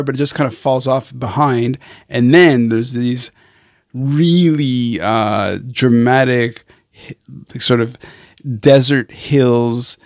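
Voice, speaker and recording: A podcast host describing a photo over a call, slow and hesitant as he hunts for the right words. His voice sounds dry and close, with no room around it. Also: mid-range voice, no echo. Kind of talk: casual interview.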